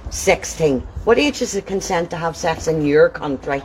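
A woman's voice: low voice, lively intonation, normal speed, a little mellow, a little hiss or hum. Angry accusing woman, street confrontation. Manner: accusing, interrogating. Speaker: confronting vigilante. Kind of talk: heated confrontation.

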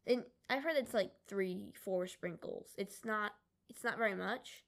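A woman's voice: mid-range voice, a little slow, vocal fry. A young woman co-hosting a casual podcast, chatty and loose, running through a list with lots of "like". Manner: chatty, lists items with frequent "like". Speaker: podcast co-host. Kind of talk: casual chat.

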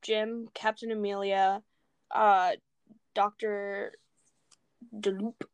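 A young woman retelling a movie in a casual chat, excitable and rambling, laughing often. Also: medium pitch, very slow, clean tone, dry recording, lo-fi sound.

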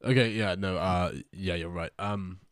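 Male tabletop player, very deep voice, slow hesitant speech, dry close sound. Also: steady tone, clean tone, no room sound. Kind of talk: playing a character in a tabletop game.

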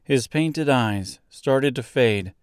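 Man, storybook narrator, slow measured reading, mid-pitched voice, dry close recording. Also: animated, clean tone, no echo.

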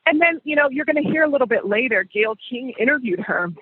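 Guy hosting a podcast, high husky voice, telling a story with lots of emphasis, sounds like a phone line. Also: animated, fast, no echo. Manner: emphatic, repeats phrases for weight. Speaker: podcast host. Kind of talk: conversational storytelling.

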